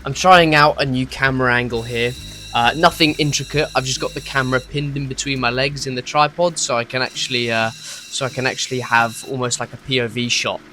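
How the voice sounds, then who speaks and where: Bright-voiced man narrating his opal cutting. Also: mid-range voice, steady tone, brisk. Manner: chatty, explanatory, self-deprecating. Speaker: opal cutter and channel host. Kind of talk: casual workshop narration. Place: home workshop.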